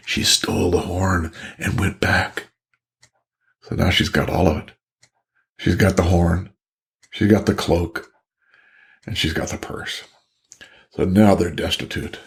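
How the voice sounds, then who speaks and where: A middle-aged man telling a fairy tale, animated, jumping high in pitch for quoted voices. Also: vocal fry. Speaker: storyteller.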